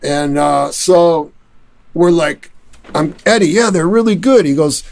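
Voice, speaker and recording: A man with a Detroit accent spins a long anecdote in a relaxed interview, slipping into the voices of the people he quotes. His voice sits a little high for a man and carries a gravelly, rough edge. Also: unhurried. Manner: animated storyteller who acts out quotes. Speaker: musician and studio owner, guest. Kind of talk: casual storytelling interview.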